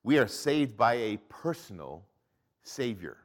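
Male pastor preaching, gets loud then drops way down quiet, mid pitch voice. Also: very animated, unhurried. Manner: dynamic preaching, swinging from loud emphasis to hushed drops. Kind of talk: sermon.

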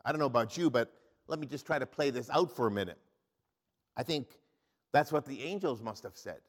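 A male pastor preaching a sermon in an animated way, often asking the congregation questions. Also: medium pitch, a little fast.

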